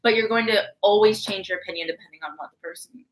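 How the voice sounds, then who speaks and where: A young woman co-hosting a casual astrology chat, teasing her friend with giggles and quick asides. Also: medium pitch. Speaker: astrologer co-host.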